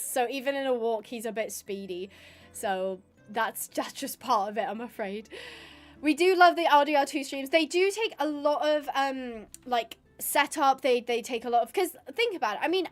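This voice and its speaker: A young woman talks through a gaming stream in a loose, rambling way. Her voice sits high, and she fills the gaps with ums, likes and restarted phrases. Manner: chatty and rambling, with many fillers and restarts. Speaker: streamer and roleplayer. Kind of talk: casual live-stream chat while gaming.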